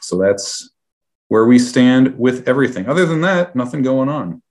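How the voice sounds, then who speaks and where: A young man co-hosting a sports podcast, relaxed and easygoing, hedging his points in casual chat. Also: medium pitch, moderate pace. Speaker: podcast co-host.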